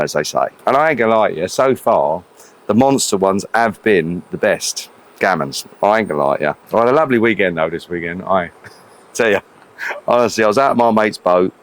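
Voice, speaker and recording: Chatty, sweary man at the grill. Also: fairly low pitch. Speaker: cooking channel host. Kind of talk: casual cooking vlog chat. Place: outdoors at a grill.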